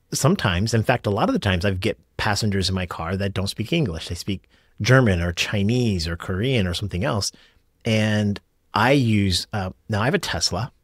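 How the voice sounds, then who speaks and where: A man's voice: deep voice, husky, no echo, studio quality. A middle-aged American man hosting his own podcast, talking casually and rambling through his thoughts with restarts and asides. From United States. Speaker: podcast host and rideshare driver. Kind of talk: casual solo podcast talk.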